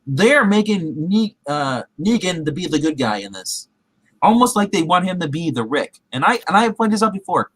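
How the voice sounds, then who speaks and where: Casual recap host, male, a bit high-pitched, rambling delivery full of restarts, close dry sound. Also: very animated, normal speed, a bit bright, husky, no echo. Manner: rambling, heavy with fillers and restarts; acts out characters' quotes in his retelling.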